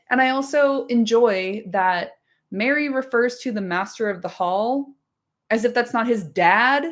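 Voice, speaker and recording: A woman's voice: fairly high pitch, a little slow. A woman hosting a casual livestream chat, chatty and laughing often, with lots of "like" and casual swearing. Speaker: podcast host.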